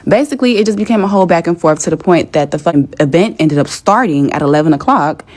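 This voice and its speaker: A woman's voice: on the low side, lively intonation, fast talker, a little mellow, faint music behind. A young woman telling a story in a casual, exasperated rant with plenty of swearing. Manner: profane, exasperated.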